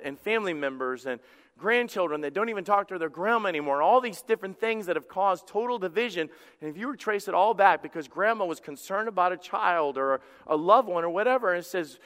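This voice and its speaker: High-voiced pastor preaching in a reverberant hall. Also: male voice. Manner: animated preaching, acts out quoted voices, repeats words. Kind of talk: sermon.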